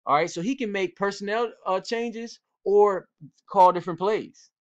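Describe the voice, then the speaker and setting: A man's voice: high voice, moderate pace. A football coach giving casual instruction to young players, talking directly to them and repeating his points the way a coach urges a team. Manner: direct, repetitive, coach-like urging. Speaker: football coach and cornerback trainer.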